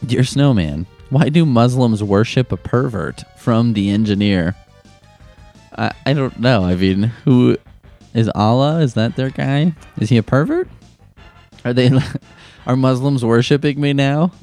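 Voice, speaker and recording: A man's voice: medium pitch, lively intonation, measured pace, a little mellow, soft background music. A young man hosting a comedic advice show, answering letters with sarcastic, profane rants. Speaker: advice-column host.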